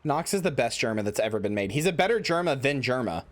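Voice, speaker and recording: A man's voice: medium pitch, very animated, fast. A man streaming a game in casual commentary, rambling with many fillers and swearing into a headset mic.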